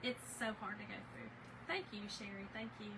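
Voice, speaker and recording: A woman's voice: medium pitch, expressive, brisk, background noise. A woman hosting a casual livestream, shaken and emotional as she confides in her viewers and often says "y'all". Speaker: livestream host.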